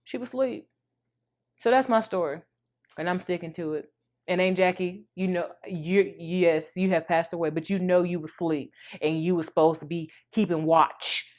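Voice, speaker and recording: Talking to viewers as y'all, this thirtysomething vlogger shares a heartfelt story of her own with lively, conversational energy. She speaks at a normal speed in a voice on the low side.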